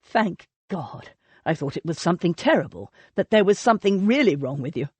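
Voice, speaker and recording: Woman doing an intense young male aristocrat, earnest, tender, lively pitch, dry studio sound. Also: brisk, husky, no room sound. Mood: relieved.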